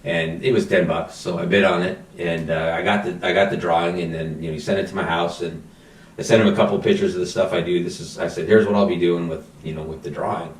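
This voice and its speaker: A middle-aged man, a fire battalion chief, telling animated anecdotes and acting out quotes in a casual interview. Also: deep voice, fast talker. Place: podcast studio. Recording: roomy, somewhat distant mic.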